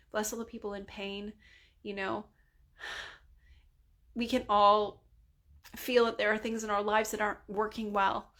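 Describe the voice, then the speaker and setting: A woman leading a spontaneous spoken prayer in an earnest, conversational way, full of casual fillers and sometimes dropping to a soft near-whisper. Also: fairly high pitch, gravelly. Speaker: prayer leader.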